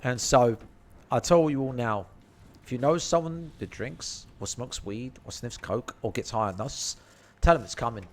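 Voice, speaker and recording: A man's voice: medium pitch, normal speed. A man telling a rambling, slang-filled story and swearing freely. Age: 30s. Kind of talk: casual storytelling.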